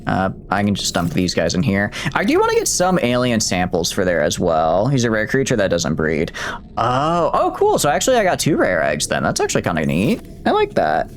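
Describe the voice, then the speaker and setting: A man gives casual gameplay commentary on a stream, rambling and breaking off his own sentences. His voice sits on the low side but jumps around with very lively intonation, with faint background noise under it. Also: a little fast. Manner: chatty, rambling, self-interrupting.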